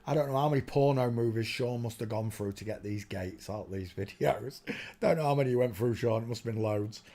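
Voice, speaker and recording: A man's voice: medium pitch, brisk, warm tone. Ranting man on a livestream. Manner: ranting, muttering to himself while searching on screen. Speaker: livestream host. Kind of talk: rambling livestream monologue addressing chat.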